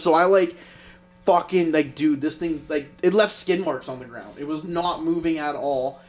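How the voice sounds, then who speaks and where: A man's voice: a little high, normal speed. A young man, a podcast co-host, telling a profane road story in casual chat. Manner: profane, animated anecdote telling.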